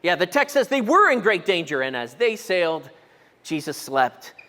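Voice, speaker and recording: A middle-aged man preaching a sermon as pastor, animated storytelling, acting out quotes and asking the room questions. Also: high-pitched, moderate pace. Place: church auditorium. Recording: long reverb of a church hall.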